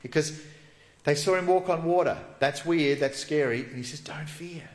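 A man preaching a sermon as a pastor, telling the story vividly and dropping to soft, hushed tones. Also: fairly high pitch, normal speed, echoey room.

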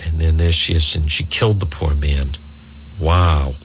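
A man's voice: a bass voice, fairly even intonation, unhurried, a little hiss or hum. A middle-aged man hosting a talk radio show, reading a news story aloud and adding indignant asides.

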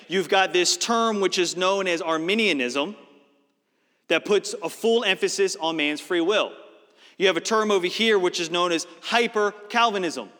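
A male preacher delivers a sermon with a high voice. His tone is bright and ringing, and his words carry a long reverb from a large auditorium. He explains scripture with emphatic, steady conviction. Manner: explanatory, emphatic Bible teaching. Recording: reverberant hall.

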